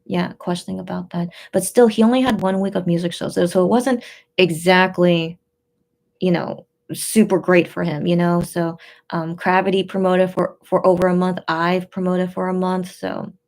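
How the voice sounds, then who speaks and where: A tearful woman hosting a casual livestream, reading out chat messages in a subdued, hesitant way with many pauses and fillers. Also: lowish voice, level tone, vocal fry, a little mellow.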